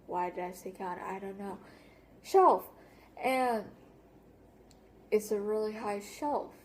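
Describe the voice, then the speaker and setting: A woman's voice: medium pitch, a little slow, a little mellow, a little hiss or hum. Rambling teen girl telling a storytime. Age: teens. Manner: rambling, full of "like" and restarts. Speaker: vlogger. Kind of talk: casual storytime vlog.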